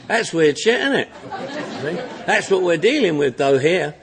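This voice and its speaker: A man's voice: a little high, big pitch swings, moderate pace, some chatter behind. An older man giving a humorous recovery talk to an audience, telling stories bluntly and repeating refrains. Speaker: recovery meeting speaker.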